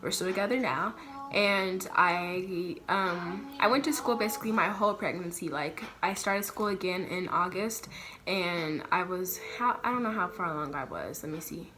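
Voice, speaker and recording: A woman's voice: lowish voice, moderate pace, pushed and bright, a little hiss or hum. A young woman from Colorado telling a personal story to her camera in a casual, chatty way, full of "like" and "um" and acting out what others said. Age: young adult. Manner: chatty, lots of "like" and "um", acts out quoted voices. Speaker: vlogger.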